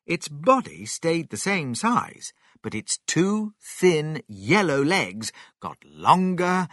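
Slow, expressive male storyteller. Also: on the high side, dry recording, clean studio sound. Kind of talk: children's story reading.

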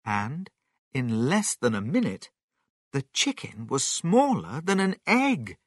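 A man reading a children's story aloud in an expressive storytelling manner. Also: medium pitch, slow, no room sound, studio quality.

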